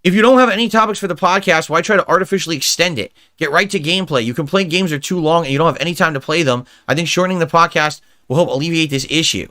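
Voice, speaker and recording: Ranting male streamer, bright tense voice. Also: on the high side, quick pace, hardly any pauses. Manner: irritated, ranting and mocking. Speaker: streamer reading viewer suggestions. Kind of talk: livestream commentary.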